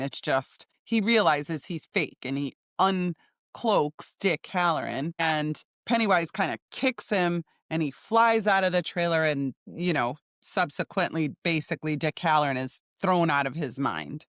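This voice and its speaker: A podcast host giving a casual solo recap, talking loosely with lots of "like" and "kinda", speeding up and slowing down for emphasis. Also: medium pitch, a bit bright, no room sound, clean studio sound. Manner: chatty, loose, with frequent "like" and "kinda".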